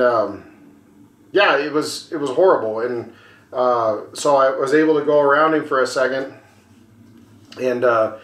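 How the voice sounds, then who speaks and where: Animated, swearing storyteller man, roomy sound. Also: a little high. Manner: animated storyteller, acts out voices, swears freely. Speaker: podcast co-host. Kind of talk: casual storytelling over a beer.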